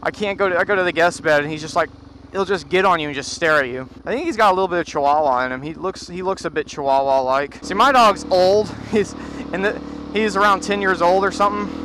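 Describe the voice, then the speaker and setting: A man's voice: sits high, quick pace. A man rambling and cursing through stories while riding a motorcycle, talking into a helmet headset. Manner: profane, rambling storyteller. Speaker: motorcycle vlogger. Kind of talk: rambling anecdotal chat. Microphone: helmet bluetooth headset. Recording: loud wind and traffic noise. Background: road and engine noise.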